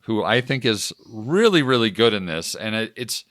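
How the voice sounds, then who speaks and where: A man co-hosting a film review podcast in casual chat, laughing often between quick asides. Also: fairly low pitch, big pitch swings, a bit bright, no echo, clean studio sound. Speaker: podcast co-host.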